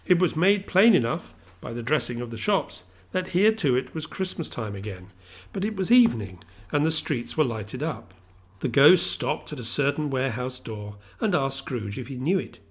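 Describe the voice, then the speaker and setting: Middle-aged man, reads a classic novel aloud, measured expressive storytelling, mid-pitched voice. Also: husky. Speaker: reader.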